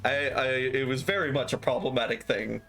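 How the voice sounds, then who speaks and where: A man's voice: medium pitch, steady tone, brisk, vocal fry, bright, forceful tone, soft background music. A young man livestreaming, telling casual stories animatedly, swearing freely and acting out quoted lines. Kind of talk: casual storytelling on stream.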